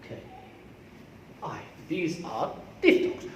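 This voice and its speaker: A man with an Algerian accent teaches English sounds to a class, drawing out each word and repeating it again and again. His voice is fairly high and swoops up and down with lively pitch. He is recorded from far off in an echoey classroom. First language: Arabic. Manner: slow, repetitive, drills words aloud. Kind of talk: classroom pronunciation lesson.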